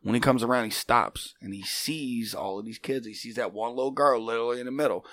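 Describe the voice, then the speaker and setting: A man's voice: medium pitch, fast talker, no echo. A middle-aged man telling stories in a casual chat, acting out dialogue in different voices. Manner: animated, acts out dialogue in quoted voices. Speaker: wrestling trainer, guest. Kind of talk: casual storytelling.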